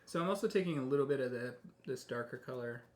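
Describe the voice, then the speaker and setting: A man teaching a live painting tutorial, relaxed and chatty, often thinking aloud as he works. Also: medium pitch, quick pace, roomy sound. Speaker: painting instructor.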